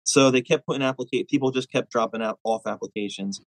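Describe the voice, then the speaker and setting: A man in casual conversation, telling stories in an animated way, with lots of fillers and restarts. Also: mid-range voice, fast, dry recording, poor audio. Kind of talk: casual chat.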